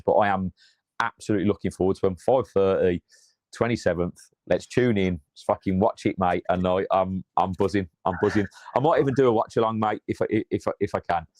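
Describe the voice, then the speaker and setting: A low-voiced man chats about football on a podcast, loose and sweary, stumbling over repeated words in his excitement. The sound is dry and close. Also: no echo. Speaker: podcast co-host. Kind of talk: casual football chat.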